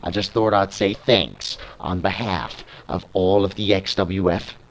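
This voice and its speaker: British man reading an arrogant, sneering wrestler with a low voice. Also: fairly even intonation, a little slow, a little hiss or hum. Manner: sneering, boastful. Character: smug, arrogant male wrestling contender.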